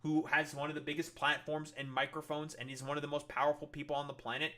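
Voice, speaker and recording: A man's voice: a little high, little pitch movement, quick pace, bright, forceful tone. A man streamer giving angry, profanity-heavy commentary on political clips. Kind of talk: ranting commentary over clips.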